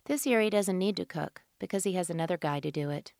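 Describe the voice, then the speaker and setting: A woman audiobook narrator reading scripted fiction in a measured, even delivery into a studio microphone. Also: on the low side, dry recording.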